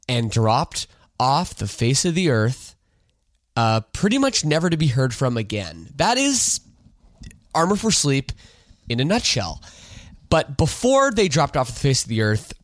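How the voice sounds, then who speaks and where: Congested middle-aged male podcast host, lively pitch, dry studio mic, loose and chatty. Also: no room sound. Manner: loose and chatty, swears casually, repeats words. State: congested, nasal from a sinus infection. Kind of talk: casual podcast intro. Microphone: studio microphone.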